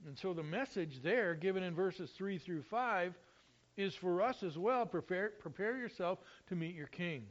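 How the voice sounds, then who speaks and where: A high-pitched male pastor delivering a sermon, his voice swelling with emphasis whenever he quotes scripture. The recording is muffled and lo-fi, with a dull top end. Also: moderate pace. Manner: expressive, rises loudly when quoting scripture.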